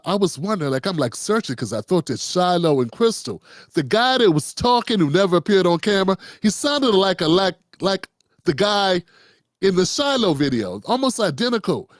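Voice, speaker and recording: A man's voice: high-pitched, dry recording, clean studio sound. A man hosting a political commentary show, talking off the cuff in a blunt, profane, rambling way with lots of restarts.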